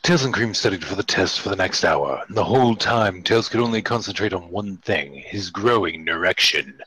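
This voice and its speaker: A man hosting a comedic fanfic reading, narrating in a deadpan way and chuckling at the text. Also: low voice, moderate pace, low-quality recording. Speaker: host and fanfic reader.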